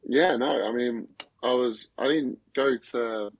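A man guest on a football podcast, chatting casually in a halting, stammering way with plenty of swearing. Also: medium pitch, creaky, poor audio. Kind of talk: casual chat.

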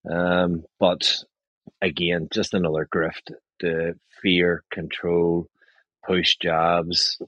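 A man's voice: low-pitched, flat delivery, very slow, fairly bright tone, no echo. A man on a casual panel discussion, speaking hesitantly with many ums and a wry tone. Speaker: panel guest. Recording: dull lo-fi call audio.

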